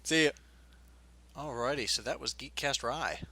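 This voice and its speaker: A man's voice: medium pitch, moderate pace, bright, forceful tone, breathy edge. A man hosting a podcast, wrapping up segments with dry jokes in casual chat. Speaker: podcast host.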